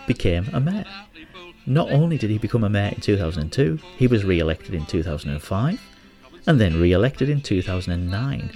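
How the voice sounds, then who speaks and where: A man's voice: fairly low pitch, darkish tone. A man from Hartlepool with a local accent, hosting his own show in a chatty, joking way and telling a local legend. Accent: Hartlepool English. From Hartlepool, England. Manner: jokey, chatty storyteller who laughs at his own jokes. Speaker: host. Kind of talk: casual monologue and storytelling.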